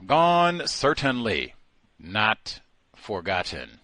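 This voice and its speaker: Animated man mocking in commentary. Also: fairly low pitch, normal speed, no room sound. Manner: lively, mocking, acts out voices in his own telling. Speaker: co-host of a call-in talk show.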